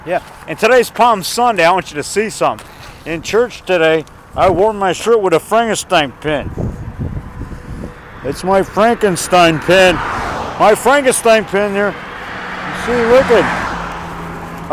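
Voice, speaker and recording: A man's voice: sits high, lively intonation, takes it slowly, pauses often, a bit bright, a little hiss or hum. A man giving a chatty, enthusiastic walking tour of an outdoor forest preserve by a river, repeating himself and chuckling. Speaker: indie horror filmmaker giving a tour. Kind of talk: rambling walking tour vlog.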